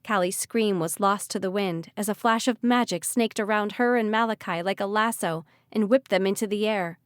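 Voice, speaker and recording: A woman's voice: medium pitch, normal speed, smooth, dry recording. Woman narrating an audiobook, dry and close. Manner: expressive, vivid reading.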